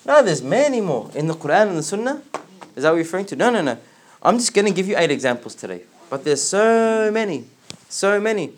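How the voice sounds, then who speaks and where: A man teaching a religious class, explaining word by word and asking his students questions, with quick recited verses. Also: on the high side. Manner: recites verses in rapid chant.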